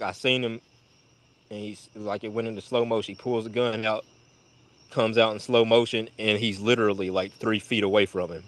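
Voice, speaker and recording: A man casually telling a long personal story, full of swearing, who jumps to a much higher voice when quoting people. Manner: profane, animated retelling with high-pitched voices for quoted people. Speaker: storyteller on a live audio chat.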